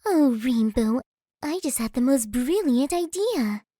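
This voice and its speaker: A woman reading a fan audiobook and voicing a gentle, shy young female pegasus pony who speaks softly and sweetly. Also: sits high, lively intonation, unhurried, dry recording, clean studio sound, voice pushed up. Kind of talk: audiobook character voice.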